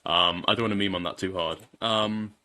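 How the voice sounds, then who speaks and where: A man's voice: deep voice, fairly even intonation, moderate pace, bright, forceful tone. A man casually commenting on a live stream, swearing and rambling as he repeats himself.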